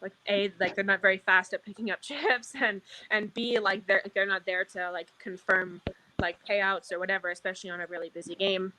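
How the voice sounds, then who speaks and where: A woman's voice: mid-range voice, steady tone, a little fast, pushed and bright, slight background noise, poor audio. A young woman guest, a casino dealer, talking casually and rambling with lots of "like". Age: young adult. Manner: rambling, says "like" constantly. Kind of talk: casual chat.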